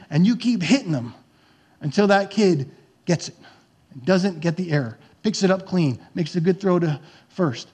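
A pastor preaching a conversational sermon, now and then acting out yelling parents and encouraging coaches. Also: male voice, high voice, animated, normal speed, slightly rough.

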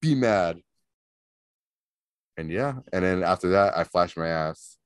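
A man telling a story on a podcast, animated and profane, often laughing. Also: low-pitched, moderate pace, smooth, dry recording, clean studio sound. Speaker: podcast co-host. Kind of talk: casual storytelling.

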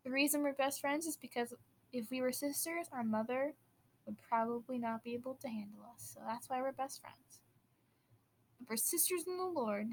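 A bubbly teenage girl from Wisconsin, her Upper Midwest accent light and friendly, rambles and giggles through casual podcast chat in a fairly high voice. She restarts her sentences often, and a faint hum sits behind her. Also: poor audio. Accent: Upper Midwest American. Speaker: podcast host.

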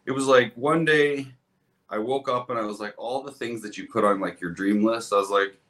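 A man's voice: fairly low pitch, normal speed, a bit bright. A man, a hairdresser guest on a podcast, telling stories in a casual, earnest, rambling way with lots of restarts. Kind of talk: casual conversational storytelling.

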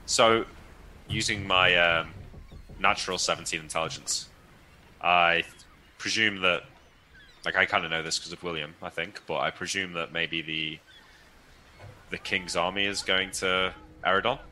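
A man's voice: deep voice, fairly even intonation, moderate pace, long pauses, bright, forceful tone, slight background noise. A man taking part as a player in a tabletop role-play, earnest and hesitant.

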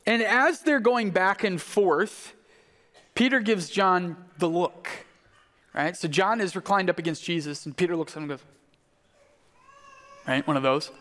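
A pastor with a high-pitched, sharp voice preaches at a measured pace, leaving long pauses. He tells the story vividly and performs the quoted voices himself, all under long hall reverb.

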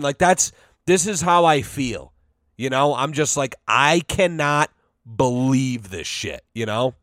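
A man hosts his own podcast and rants in a heated, profane, mock-outraged way. His voice sits at an ordinary middle pitch. The recording is close and dry with no room sound. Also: no echo. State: sweating from heat. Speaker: podcast host. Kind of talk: casual solo podcast rant.

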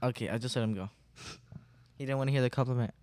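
A man's voice: medium pitch, fairly even intonation, quick pace. A fourteen-year-old boy co-hosting a casual chat with his older brother, playful and earnest as he roasts and praises him. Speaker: co-host.

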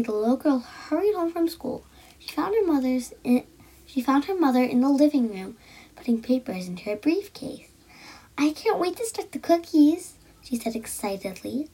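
Breathy woman reading a children's story. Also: fairly high pitch, low-quality recording. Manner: lively, acted character voices with frequent soft whispered asides. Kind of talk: storybook read-aloud for children.

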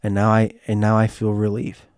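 A man with a hoarse, strained throat telling a personal story in a casual monologue, rambling and restarting, heartfelt with bits of joking. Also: lowish voice, completely flat delivery, brisk, darkish tone, no room sound, studio quality.

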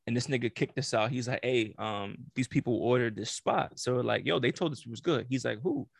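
A man co-hosting a casual podcast, telling an animated story and acting out the quotes, swearing freely. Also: mid-range voice, fairly quick, vocal fry, no room sound, clean studio sound. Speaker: podcast co-host.

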